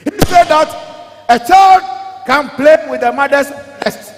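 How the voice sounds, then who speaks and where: A man's voice: very high-pitched, slow, big-room sound. A man with a Ghanaian accent playing a blustering lawyer in a live stage comedy skit, pleading and repeating himself in broken pidgin. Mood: mock-sweet. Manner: pleading, repetitive "Your Honor", broken pidgin.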